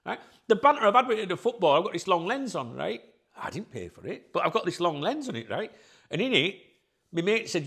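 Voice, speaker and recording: A man's voice: high-pitched, huge pitch swings, a little fast, fairly bright tone, husky. A middle-aged man, hosting his own channel and talking bluntly and candidly to his viewers, sweary and rambling. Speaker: channel host.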